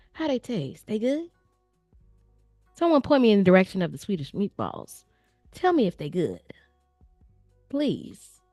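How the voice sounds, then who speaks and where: A chatty woman hosting a live stream, talking playfully and straight to her viewers with plenty of slang. Her voice sits on the low side, recorded close and dry, with soft music playing faintly underneath. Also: dry recording. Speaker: livestream host reviewing viewer artwork. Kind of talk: casual live-stream chat. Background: faint background music.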